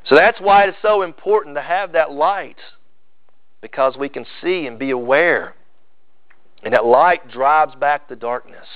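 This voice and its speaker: A pastor delivers an emphatic sermon, driving points home by repeating his phrases. His voice sits high for a man. The sound is dry and close, a little dull and muffled. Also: a little slow, dry recording.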